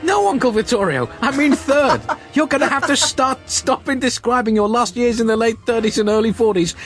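A man voicing an exasperated hard-boiled male private eye in a comic story reading, shouting in hysterical outrage. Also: high-pitched, very animated, normal speed, faint music behind, full character voice. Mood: outraged.

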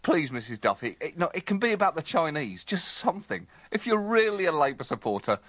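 A man's voice: a little high, very animated, fairly quick, a bit bright, no room sound. A man mimicking a desperate male prime minister who wheedles and begs. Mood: pleading. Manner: wheedling, begging.

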